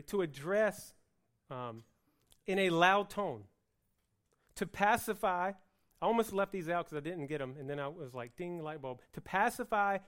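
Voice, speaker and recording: Man, high voice, sermon, animated, joking, emphatic. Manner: animated, joking asides, rising to loud emphatic preaching. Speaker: pastor.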